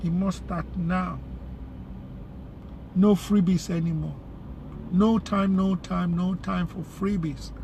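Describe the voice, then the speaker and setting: A man's voice: high voice, vocal fry. A man with a Nigerian accent chatting casually while he drives, rambling along with street slang. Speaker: vlogger. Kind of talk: casual chat while driving. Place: inside a car in city traffic. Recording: loud road and traffic noise.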